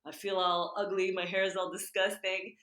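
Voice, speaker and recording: A woman in her forties, a golf and fitness trainer, telling her story as a podcast guest in an animated way that acts out her own inner voices. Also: medium pitch, normal speed. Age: 40s. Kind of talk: casual storytelling in a podcast interview. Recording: echoey room.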